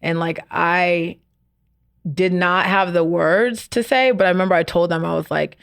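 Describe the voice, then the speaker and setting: Woman, podcast guest, casual chat, filler-heavy, slightly low pitch. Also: steady tone, normal speed, gravelly, fairly bright tone. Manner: chatty, many fillers like "like" and "you know". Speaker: podcast guest, networking group founder. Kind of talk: casual conversation.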